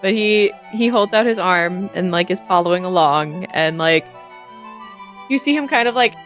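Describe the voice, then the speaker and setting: A woman's voice: lowish voice, normal speed, fairly bright tone, faint music behind. A young woman narrating a tabletop role-play as game master, casual and full of fillers.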